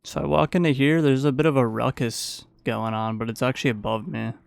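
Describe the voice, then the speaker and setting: A man's voice: medium pitch, fairly even intonation, brisk, vocal fry, clear, resonant tone, no echo. A man giving a casual, playful play-by-play voice-over of his own gameplay as a gaming YouTuber.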